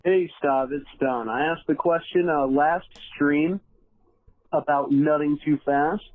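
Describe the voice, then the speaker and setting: A man's voice: on the high side, takes it slowly, no room sound, narrow, tinny audio. A man calling into an advice show who speaks formally, earnestly and with very careful enunciation. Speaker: caller.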